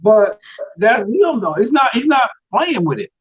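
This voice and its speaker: Husky, lively-voiced man co-hosting. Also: very high voice, dull audio. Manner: chatty, quick interjections. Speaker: co-host. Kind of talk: casual late-night chat.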